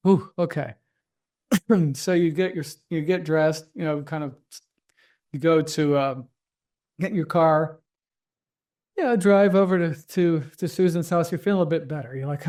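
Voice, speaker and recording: A man's voice: fairly high pitch, moderate pace, long pauses, darkish tone. A man teaching a group about stories and the nervous system, walking them through an imagined scene in a conversational way, with many restarts and acted-out inner thoughts. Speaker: therapist teaching trauma recovery. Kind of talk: guided storytelling and teaching.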